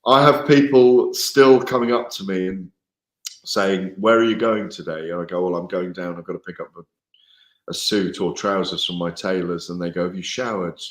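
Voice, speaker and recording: Man, boxing journalist, rambling, amused, deep-ish voice, roomy sound. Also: fairly even intonation, moderate pace. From Wales. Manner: rambling, self-correcting, amused. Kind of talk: casual live chat.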